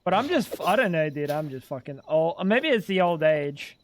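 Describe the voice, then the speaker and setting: A young man streams a game from home on a desk microphone, rambling, joking and swearing plenty as he talks to his chat. His fairly high voice is very animated, at normal speed with few pauses.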